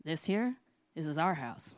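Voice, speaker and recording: A woman voicing a stern, gruff old grandfather who speaks in a clipped, quietly tender way. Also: low-pitched, sing-song, unhurried, no room sound.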